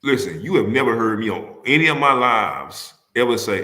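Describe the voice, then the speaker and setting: A man runs a casual sports talk stream and argues with rival fans. His low voice has a forceful edge, and he repeats himself and keeps firing rhetorical questions. The room around him is echoey. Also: animated, moderate pace. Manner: heated, repetitive, rhetorical questions to the audience. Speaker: sports talk livestream host.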